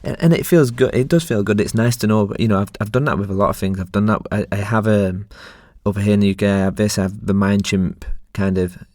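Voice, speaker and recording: Low-voiced man hosting a podcast. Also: fast talker, hardly any pauses, a little mellow, no room sound, studio quality. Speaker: podcast host. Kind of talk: casual interview chat.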